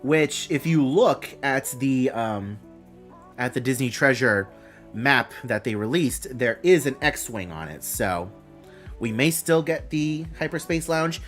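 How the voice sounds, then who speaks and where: A man's voice: medium pitch, lively intonation, takes it slowly, fairly bright tone, soft background music. A man hosting a live stream, reading out announcements and thinking aloud with a rambling, casual manner.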